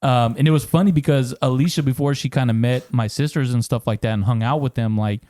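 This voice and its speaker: A man's voice: medium pitch, fairly quick. A man co-hosting a podcast, telling funny stories in casual chat, laughing often and swearing freely. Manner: animated storytelling, swears often, laughs a lot. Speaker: podcast co-host.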